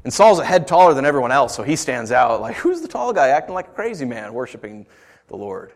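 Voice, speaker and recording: A man preaching a sermon, conversational and animated, with playful asides to the congregation. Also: medium pitch, fast talker. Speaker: pastor.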